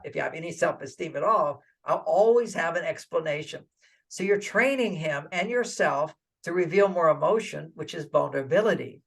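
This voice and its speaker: An older man giving relationship advice in an interview, animated and acting out little quoted dialogues. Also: on the high side, brisk, gravelly. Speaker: relationship author and guest.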